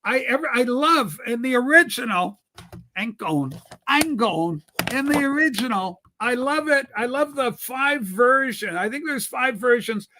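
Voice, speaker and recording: A man's voice: very high voice, lively intonation, unhurried, pushed and bright. A man hosting a casual podcast chat, rambling and enthusiastic. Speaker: show host.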